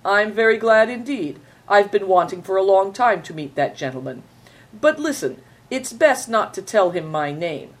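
A woman voicing a sly, courteous Mongol horseman who speaks with smooth, flowery politeness. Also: medium pitch, animated, normal speed, voice pushed up, close to an everyday voice.

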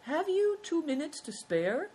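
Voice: high-pitched, very animated, measured pace, a little mellow, slight background noise, voice pushed up. A reader voicing Mate, a hospitable older male nomad host who speaks in formal, flowery language, in a storybook reading. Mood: courteous.

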